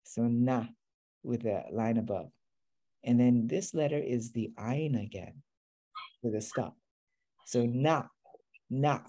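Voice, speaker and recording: A man's voice: medium pitch, slow, long pauses, warm tone. A man teaching a beginner class, explaining patiently step by step. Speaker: Arabic teacher.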